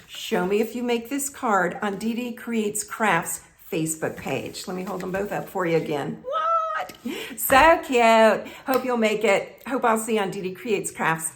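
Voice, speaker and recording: A woman's voice: medium pitch, expressive, normal speed, hardly any pauses, a little hiss or hum. A woman with a Southern US accent hosting a chatty craft tutorial, talking straight to her viewers in a folksy way. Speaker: craft video host.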